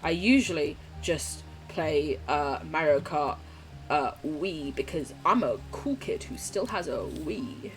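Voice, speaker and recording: British woman, young adult streamer, casual gaming chat, swears a lot, animated lively pitch, faint music behind. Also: slow pace. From United Kingdom. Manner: chatty, swears freely, laughs often.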